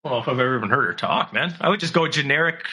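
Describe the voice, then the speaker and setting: A man co-hosting a podcast, telling animated stories in casual chat and slipping into voices. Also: mid-range voice, rapid-fire, breathy edge. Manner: animated storyteller, slips into impressions. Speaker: podcast co-host.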